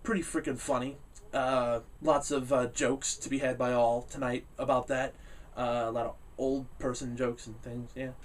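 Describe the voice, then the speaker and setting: A man's voice: mid-range voice, normal speed, far from the mic. Chatty man reviewing wrestling, slightly off-mic. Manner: rambling, many "uh" fillers, laughs easily; gets loud and animated when ranting. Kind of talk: casual spoken review.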